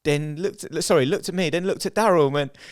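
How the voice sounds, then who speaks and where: A man's voice: fairly high pitch, fast talker, very noisy. A man with a British accent, co-hosting a podcast and telling a funny story in casual chat, acting out what people said. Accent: British English. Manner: animated storyteller, acts out quotes loudly and laughs. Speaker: podcast co-host.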